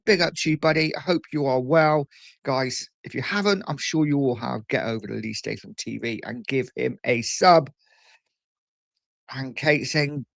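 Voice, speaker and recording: A man's voice: on the high side, a bit bright, no echo. A man hosting a casual morning livestream, chatting and reading out viewer messages at a desk mic. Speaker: livestream host. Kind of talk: casual live chat.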